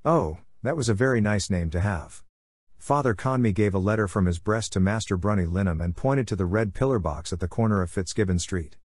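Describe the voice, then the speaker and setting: A man with a fairly low voice reads a novel aloud in a measured, unhurried way. The sound is dry and close, with no room around it. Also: a little mellow, no echo. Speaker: audiobook narrator. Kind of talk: scripted literary narration.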